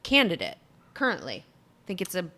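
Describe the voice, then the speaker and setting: A woman co-hosting a podcast in casual chat, quick and enthusiastic as she leads a game. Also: on the low side, huge pitch swings. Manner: warm, quick and enthusiastic when running the game. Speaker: podcast co-host.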